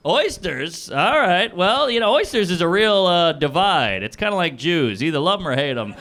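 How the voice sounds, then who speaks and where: On a comedy club stage before a live audience, a man improvises stand-up from audience suggestions, riffing crudely at speed and chuckling at his own jokes. His voice sits high, with big pitch swings, a moderate pace and a slightly bright tone.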